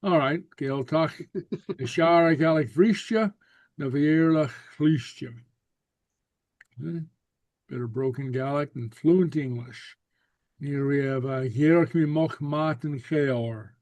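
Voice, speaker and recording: A man teaching a Gaelic class over a video call, relaxed and full of fillers and repeated okays. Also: on the high side, slow pace, no room sound.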